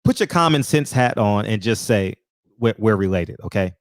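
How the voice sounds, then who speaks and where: A man's voice: lively intonation, moderate pace, dry recording, clean studio sound. A man hosting a casual opinion monologue, heated and profane, who fires off rhetorical questions and repeats words for emphasis. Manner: repeats words for emphasis, swings high and low. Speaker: show host.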